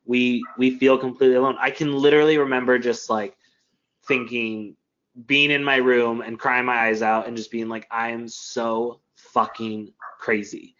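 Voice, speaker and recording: A man's voice: medium pitch, steady tone, moderate pace, fairly bright tone. Earnest, rambling man, slightly lo-fi. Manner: open, earnest, rambling with many fillers. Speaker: mentor and teacher. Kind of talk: casual conversation. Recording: slightly dull lo-fi sound.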